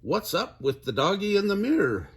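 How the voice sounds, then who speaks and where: A man's voice: high-pitched, huge pitch swings, normal speed, breathy edge, voice pushed up, full character voice. An older man voicing a playful male kitten who thinks he is a chihuahua, with a put-on mock Spanish accent, in a storybook read-aloud. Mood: excited.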